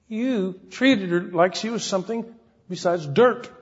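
Husky preaching man in a reverberant hall. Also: high-pitched, moderate pace. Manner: earnest, folksy preaching with quoted voices and repetitions. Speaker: pastor. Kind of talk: sermon. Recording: dull recording in a hall with long reverb.

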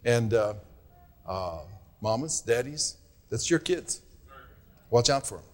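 A man's voice: medium pitch, expressive. A man preaching a sermon as pastor, earnest and admonishing, leaning hard on his key words. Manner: earnest, admonishing, drawn-out emphasis.

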